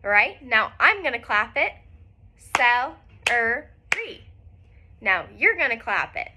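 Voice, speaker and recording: A woman teacher leading a recorded phonics lesson for young children, speaking clearly and encouragingly with frequent praise. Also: a little high, very animated, moderate pace, background noise.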